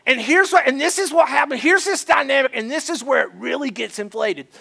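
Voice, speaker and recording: Guy pastor preaching, high bright voice, gets really animated acting out arguments. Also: fairly quick, creaky. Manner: animated, acts out both sides of arguments. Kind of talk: sermon. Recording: church service.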